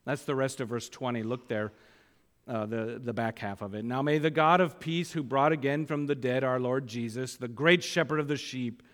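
A man preaches a sermon, repeating key phrases for emphasis and reading scripture aloud with mounting force. His mid-range voice has fairly even intonation and a fairly bright tone at a normal speed. A long hall reverb surrounds the recording.

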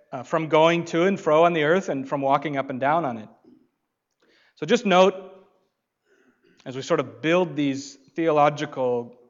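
A man preaching an expository sermon, slow and emphatic, swinging from loud declarations to quiet asides. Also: a little high, lo-fi sound.

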